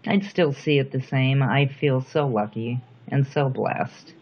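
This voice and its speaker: A middle-aged woman speaking softly and reflectively in a personal interview, with thoughtful pauses. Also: extremely low pitch. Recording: dull lo-fi recording.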